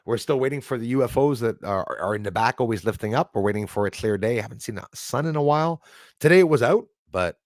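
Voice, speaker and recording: A middle-aged man hosting a casual live stream, excitable, thanking viewers by name and swearing when angry. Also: lowish voice, quick pace, few pauses, no room sound, clean studio sound.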